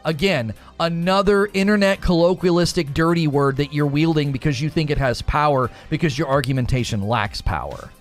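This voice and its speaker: A man hosting a live gaming talk stream, arguing with his chat and answering it directly in an animated way. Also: fairly high pitch, a little fast, hardly any pauses, soft background music.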